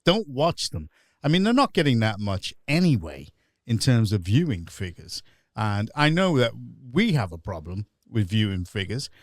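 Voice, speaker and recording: A man's voice: lowish voice, very animated, moderate pace, no room sound, clean studio sound. A man hosting a casual satirical chat show, ranting and sarcastic and laughing often. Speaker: pub landlord host. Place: online show.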